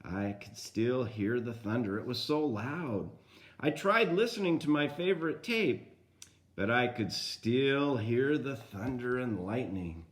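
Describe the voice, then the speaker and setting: Gentle older man reading a storybook. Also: medium pitch, animated, a little slow. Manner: gentle, talks directly to young listeners. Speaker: grandfather reading a picture book aloud. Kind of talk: storybook read-aloud with asides to children.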